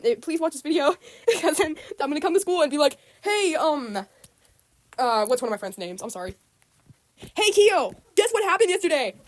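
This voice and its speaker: Fast, lively teen girl ranting. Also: on the high side. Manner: rambling, repeats herself, frequent ums. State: upset. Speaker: student vlogger. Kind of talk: casual rant to camera.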